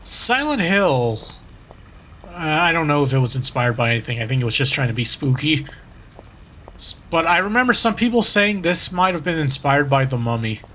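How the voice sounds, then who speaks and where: Streamer note: lively, chatty man with a rambling delivery, noisy home recording. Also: a little high, moderate pace. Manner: rambling, chatty, self-correcting. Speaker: gaming streamer. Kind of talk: casual let's-play commentary.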